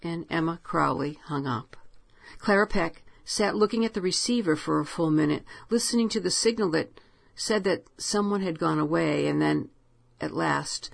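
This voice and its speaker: A woman narrating a ghost story in a measured, hushed manner. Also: low-pitched, gravelly, husky.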